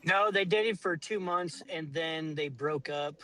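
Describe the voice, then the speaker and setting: A man's voice: on the high side, measured pace, sharp tone, rough recording. A middle-aged man telling a family story in casual chat, blunt and rambling, swearing often.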